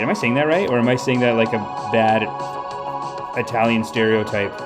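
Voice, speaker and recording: A man hosting a comedy livestream in a rambling, mock-preachy guru style, often stopping to correct himself mid-sentence. His pitch sits in an ordinary middle range. Faint music plays underneath. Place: home streaming setup.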